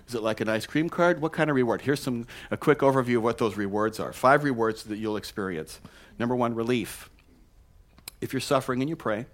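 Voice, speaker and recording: Man preaching a conversational sermon. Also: medium pitch. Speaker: pastor.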